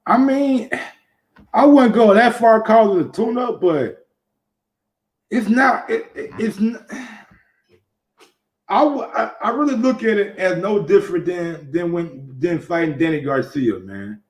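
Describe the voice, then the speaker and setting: A man's voice: sits high, animated, unhurried, long pauses. A man hosting a casual boxing talk show, talking loosely with many restarts and profanity. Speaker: show host.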